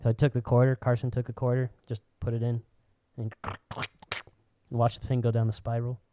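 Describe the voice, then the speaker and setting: A man's voice: medium pitch, completely flat delivery, fairly quick, dark tone. A young man co-hosting a podcast, telling childhood stories in casual chat, swearing and laughing often. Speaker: podcast co-host.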